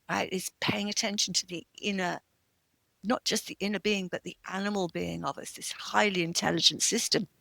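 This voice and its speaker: A woman speaking as a podcast guest, coaching gently through a string of reflective rhetorical questions. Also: medium pitch, vocal fry, no echo.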